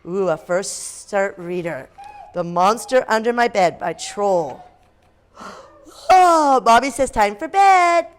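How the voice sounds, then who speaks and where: A woman teacher reading aloud and leading games in a classroom, lively and expressive with playful gasps. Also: medium pitch, slow, a little hiss or hum.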